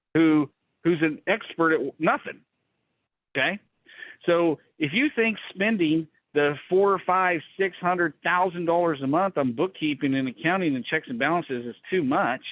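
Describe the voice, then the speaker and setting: A man coaching small business owners on a call, telling a story bluntly and acting out quotes. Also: no echo. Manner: blunt, animated, acts out quotes in a higher voice. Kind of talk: casual storytelling talk. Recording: tinny phone-like call line.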